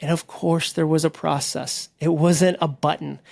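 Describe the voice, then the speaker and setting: A man with a slightly higher-than-average voice talks as a podcast guest. He tells stories animatedly, full of quick asides and self-deprecating jokes. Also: flat delivery, gravelly, a little mellow. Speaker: guest speaker and author. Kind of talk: conversational podcast interview.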